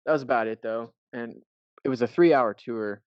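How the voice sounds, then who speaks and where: Here a male podcast co-host from the United States spins a loose travel tale, cursing offhandedly. His mid-range voice is smooth and moves at normal speed without echo, and the lo-fi recording is dull and dry.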